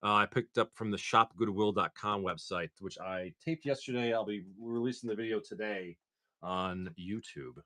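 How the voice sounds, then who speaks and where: A man hosting a live stream, chatting casually and excitedly to viewers as he opens card packs. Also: lowish voice, normal speed.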